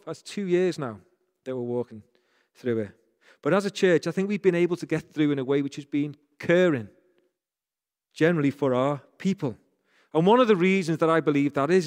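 A man's voice: on the high side, darkish tone, in a large hall. A man with a Northern English accent preaching a sermon as pastor, earnest and repeating phrases for emphasis.

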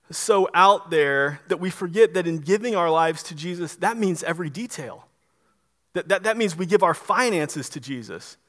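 A pastor with a notably high voice preaches in earnest. He leans into his points and often trips into quick restarts, doubling words as he pushes ahead. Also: fairly bright tone. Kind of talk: sermon.

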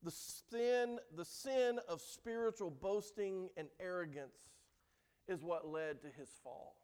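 A pastor's smooth, high-pitched voice, a little slow and slightly mellow, carries an earnest, emphatic sermon through a church. Quoted lines get acted out with rising emphasis, and the recording has a long hall reverb.

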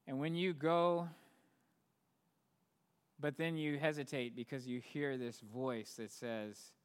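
A man's voice: mid-range voice, steady tone, takes it slowly, clear, resonant tone. A man preaching a sermon as pastor, talking conversationally and building to emphatic peaks. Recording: long hall reverb.

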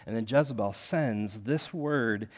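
A man's voice: mid-range voice, measured pace. Casual fired-up preacher guy, says like a lot, medium voice, long echo in a big room. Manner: animated, conversational, heavy use of filler "like". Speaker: pastor. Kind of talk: sermon.

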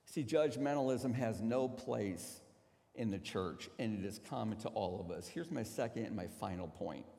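A man preaching a sermon as a pastor, telling a story dramatically and swinging from loud to hushed. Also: lowish voice, moderate pace, gravelly, long reverb tail. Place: church sanctuary.

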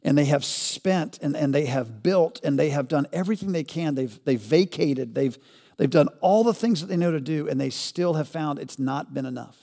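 A man preaching a sermon as pastor, asking rhetorical questions and building to loud, emphatic peaks. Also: a little high, moderate pace, vocal fry, big-room sound.

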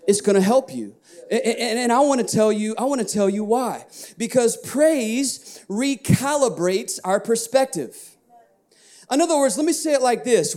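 A male pastor preaching a sermon, swinging from quiet, whispered prayer lines to animated shouts of praise. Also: high-pitched.

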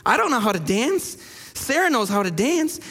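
A man who pastors a church, preaching a sermon and telling stories with lively acted-out quotes. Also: very high voice, normal speed, big-room sound. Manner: animated storyteller acting out quoted people. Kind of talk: sermon storytelling.

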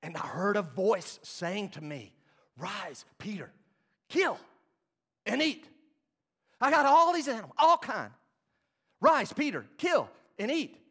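A man's voice: high-pitched, lively intonation, a little slow, hardly any pauses, breathy edge, heavily acted. A man preaching, voicing an impassioned male apostle who retells his vision with insistent emphasis.

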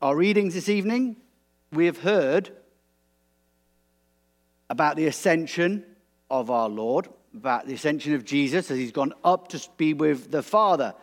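A man preaching a sermon in a relaxed, conversational way, animated and prone to restarts. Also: on the high side, moderate pace, pauses often.

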